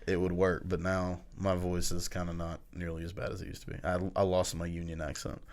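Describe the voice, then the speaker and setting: A man's voice: low-pitched, monotone, fairly quick. A young Southern man hosting a college podcast, chatting casually with playful teasing. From Southern United States. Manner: loud laughs, playful teasing. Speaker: podcast host. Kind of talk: casual chat.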